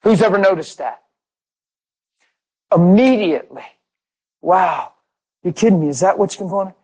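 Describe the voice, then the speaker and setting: A man's voice: high-pitched, animated, measured pace, a little mellow, poor audio. A middle-aged man from Pennsylvania giving a conversational sermon full of stories. He speaks emphatically and fires off rhetorical questions that he answers himself. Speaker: preacher.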